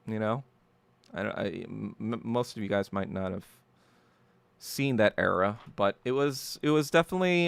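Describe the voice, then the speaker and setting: A man's voice: lowish voice, moderate pace, gravelly, smooth, no echo, clean studio sound. A man hosting a solo podcast, ranting heatedly and profanely, often stumbling and repeating words as he gets worked up. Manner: repeats and restarts words when agitated. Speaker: podcast host.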